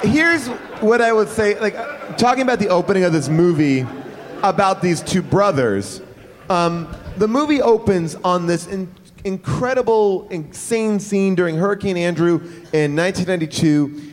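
A man's voice: high-pitched, normal speed. A man co-hosting a casual movie review chat, wry and rambling. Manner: wry, rambling, playful impressions. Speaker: podcast co-host.

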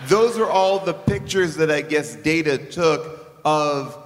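A man hosting a live comedy podcast in front of an audience, quick and joking as he leads the show. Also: fairly high pitch, long reverb tail, faint music behind. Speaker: podcast host.

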